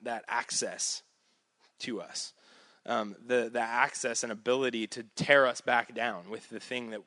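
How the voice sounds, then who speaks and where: A man's voice: mid-range voice, fairly even intonation, unhurried, pushed and bright, no echo. A man preaching a sermon, reading scripture and then talking it through in a casual, conversational way with light laughs.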